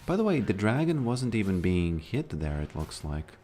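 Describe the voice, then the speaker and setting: There's a sing-song quality to this man's lowish, slightly mellow voice, which moves at normal speed over slight background noise. A gaming streamer from Latvia with a Latvian accent, he rambles casually with many fillers mid-game.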